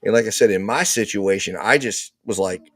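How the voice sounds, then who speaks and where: A man with a lowish voice hosts a live legal talk show, casually telling a personal story and loudly acting out the quotes as an animated storyteller. He speaks briskly, and the studio-quality recording has no room sound.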